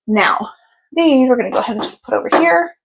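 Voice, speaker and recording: A woman's voice: on the high side, expressive, fairly quick, vocal fry, a little hiss or hum. A young woman chatting casually through a book haul, bubbly and gushing, tired and a little out of breath. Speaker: book vlogger.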